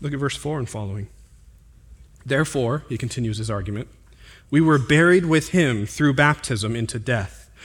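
A male pastor preaching a sermon, climbing to emphatic, higher-pitched stresses on key points and dropping low and quiet for asides and scripture references. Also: moderate pace, breathy edge. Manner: drops to a quieter, lower tone for asides and reading references.

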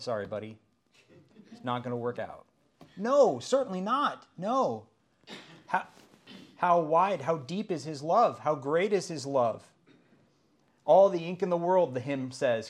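Earnest preaching man. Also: fairly high pitch. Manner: earnest preaching, rising to emphatic exclamations. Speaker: pastor. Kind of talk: sermon.

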